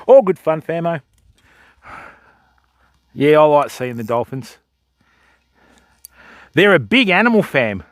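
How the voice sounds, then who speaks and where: An excitable Australian man commentates a live stream outdoors by a river, talking straight to his viewers as fam and mate. His voice sits high for a man. The sound is dry and close, with no room around it. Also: takes it slowly, pauses often, no room sound. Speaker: fishing livestreamer.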